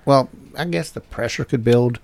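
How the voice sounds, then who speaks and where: A man's voice: mid-range voice, normal speed, creaky, darkish tone, no room sound. A man co-hosting a podcast, throwing in dry wisecracks during casual chat. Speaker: podcast co-host.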